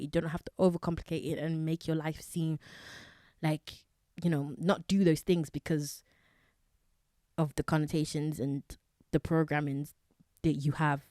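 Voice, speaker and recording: A woman's voice: low-pitched, darkish tone, no room sound, studio quality. A young woman hosting a casual solo wellness podcast, chatty and self-correcting, with many fillers. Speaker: podcast host.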